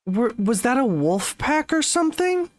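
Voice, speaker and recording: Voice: medium pitch, big pitch swings, unhurried, no echo. Cursing gaming streamer. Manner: swears often, exasperated ranting. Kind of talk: let's-play commentary.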